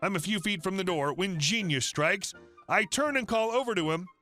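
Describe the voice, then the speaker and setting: Man, story narrator, scripted reading, steady even delivery, high voice, faint background music. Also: moderate pace. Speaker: narrator of reddit stories.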